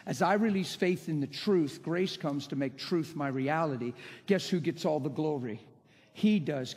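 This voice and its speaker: A man's voice: fairly high pitch, darkish tone. A man preaching a sermon with emphatic, impassioned delivery and rhetorical questions. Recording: long hall reverb.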